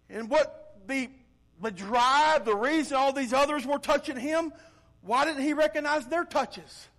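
A male pastor preaching an animated sermon, swinging from loud emphasis to quiet intensity. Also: very high voice.

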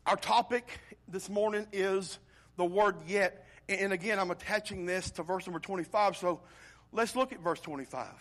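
A middle-aged man preaching a sermon, impassioned and building to near-shouting climaxes. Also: high voice, normal speed. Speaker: pastor.

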